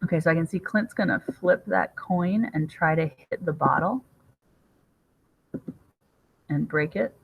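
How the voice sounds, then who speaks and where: A woman's voice: fairly low pitch, unhurried, gravelly, pauses often, husky, narrow, tinny audio. Woman teacher reading aloud to a class. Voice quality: explanatory, guiding students through questions.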